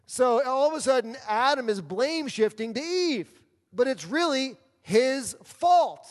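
High-voiced preacher in a reverberant hall. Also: male voice, lively intonation, measured pace. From New York City. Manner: rhetorical questions, acting out quoted excuses. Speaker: pastor. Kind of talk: sermon. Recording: long reverb of a large hall.

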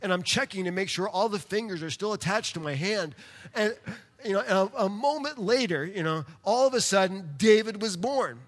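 A man preaching a sermon, telling a personal story in an animated way and speaking directly to his congregation. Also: high-pitched, normal speed. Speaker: pastor. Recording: long hall reverb.

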